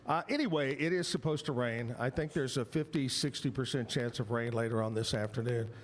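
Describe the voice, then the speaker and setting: A man hosting a live morning talk show from a bar stage, upbeat and joking. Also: mid-range voice. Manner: upbeat, joking, quick asides.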